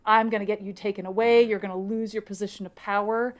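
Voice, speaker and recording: Give me a woman co-host retelling a book plot in relaxed chat, mid-pitched voice. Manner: retells plot with quick acted-out quotes. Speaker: podcast co-host. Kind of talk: casual book recap chat.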